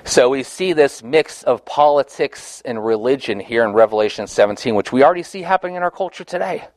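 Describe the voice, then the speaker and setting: A man's voice: medium pitch, animated, brisk, darkish tone, dry recording. A man leading a Bible study discussion, earnest and conversational, often restarting his phrases.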